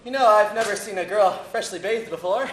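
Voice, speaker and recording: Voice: medium pitch, fairly quick, a bit bright, lightly acted. An actor playing a scheming young man who hurriedly plots in a stage play. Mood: conspiratorial. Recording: echoey, noisy stage recording.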